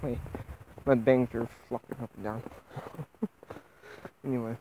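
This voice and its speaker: A man with a rural American accent, vlogging outdoors in the countryside, talking in a subdued, halting way while holding back tears. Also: medium pitch, level tone, dark tone, a little hiss or hum, rough recording. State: tearful. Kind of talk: outdoor personal vlog.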